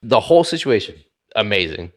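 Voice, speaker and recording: A man's voice: on the low side, big pitch swings, a little fast. Laid-back, cursing man co-hosting a podcast. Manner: loose, swearing, laughs often, lots of fillers. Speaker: podcast co-host. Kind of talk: casual chat.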